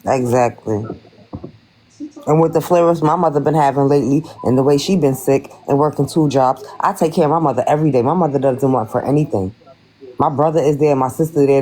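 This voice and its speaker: Woman guest, deep and mellow voice, emphatic scolding delivery. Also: poor audio. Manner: scolding, emphatic, ends points with "okay?". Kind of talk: casual livestream rant.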